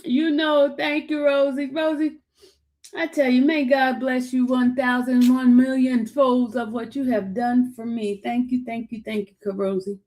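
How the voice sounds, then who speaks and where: A woman's voice: high-pitched, level tone, measured pace, a little mellow. A woman hosting a casual livestream chat, talking straight to her viewers, calling them by name and repeating herself as she goes. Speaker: livestream host. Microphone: streaming setup.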